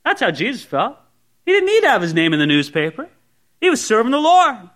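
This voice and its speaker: Man preaching a sermon: high, very lively pitch, talks like a chat, voices imagined objections. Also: a little fast. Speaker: pastor. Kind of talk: expository sermon. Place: church service before a congregation.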